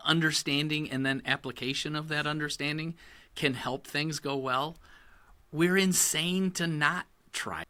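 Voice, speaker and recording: Male co-host, bright timbre, calm reflective conversational style. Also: fairly high pitch, unhurried. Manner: thoughtful, reflective explaining. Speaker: podcast co-host. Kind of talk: casual conversation.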